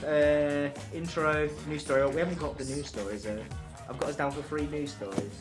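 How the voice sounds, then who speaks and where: A man's voice: on the high side, fairly even intonation, moderate pace. A young man co-hosting and organising a casual podcast, joking and laughing often. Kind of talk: casual chat. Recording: roomy with music behind.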